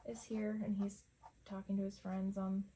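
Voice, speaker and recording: A woman's voice: mid-range voice, level tone, moderate pace, warm tone, a little hiss or hum. A middle-aged woman at home, chatting casually and rambling while she paints, laughing often. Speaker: art vlogger. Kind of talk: casual chat over painting.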